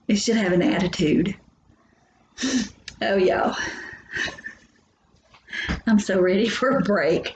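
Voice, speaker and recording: This recorded biology lecture features a woman with a mid-range, slightly mellow voice who talks slowly with long pauses. She keeps things chatty and joking, addressing her students directly, in an echoey room with a faint hum.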